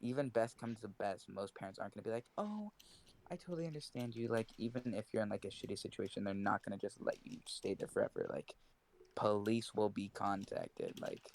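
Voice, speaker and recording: A teenage man chatting casually on a podcast, relaxed and reflective, swearing now and then. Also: lowish voice, a little fast, gravelly, a little hiss or hum. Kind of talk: casual chat.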